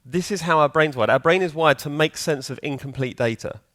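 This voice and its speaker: A man's voice: fairly high pitch, brisk, a bit bright. A man giving a live conference talk in a hall, chatty and joking, quizzing the audience. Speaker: conference speaker.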